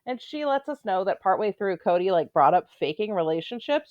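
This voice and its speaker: A woman's voice: mid-range voice, sing-song, brisk, no echo, muffled recording. A woman giving casual, opinionated commentary on a reality show, with blunt, sarcastic asides.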